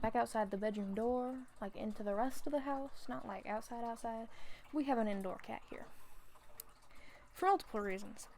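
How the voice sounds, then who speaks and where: A woman's voice: a little high, a little mellow, slight background noise. A woman who chats in a rambling way and laughs often, sounding out of breath, before reading a fan story aloud. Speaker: fanfiction reader. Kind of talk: casual chat, then reading a story aloud.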